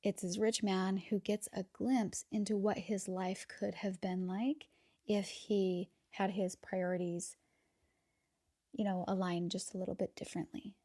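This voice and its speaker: A woman hosting a podcast, talking casually and with enthusiasm, sometimes dropping to a soft near-whisper and repeating words as she gathers her thoughts. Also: mid-range voice. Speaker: podcast host. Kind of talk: casual reflective monologue.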